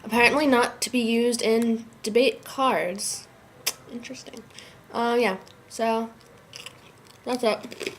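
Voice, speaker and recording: A woman's voice: fairly high pitch, steady tone, slow, pauses often, slight background noise. Sick teenage girl rambling with "like". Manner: chatty, fills every phrase with "like". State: sick and worn out. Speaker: vlogger. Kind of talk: casual chat to camera. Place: dorm room at a summer camp.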